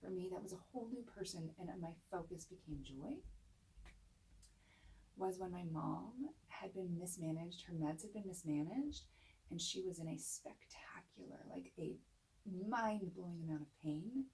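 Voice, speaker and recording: A middle-aged woman giving an earnest, emphatic motivational talk to camera, sometimes dropping to a soft whisper. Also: fairly low pitch, lively intonation, moderate pace, low-quality recording. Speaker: motivational speaker.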